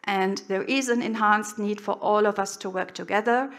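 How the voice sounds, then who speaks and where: A middle-aged woman giving an expert conference presentation in measured, earnest, slightly nonnative English. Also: mid-range voice. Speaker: conference speaker.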